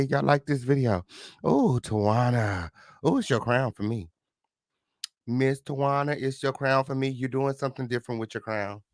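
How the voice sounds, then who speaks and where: A man hosting a casual livestream, greeting viewers with flamboyant, sing-song shout-outs and sassy, profane chatter. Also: mid-range voice, dry recording, studio quality. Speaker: livestream host.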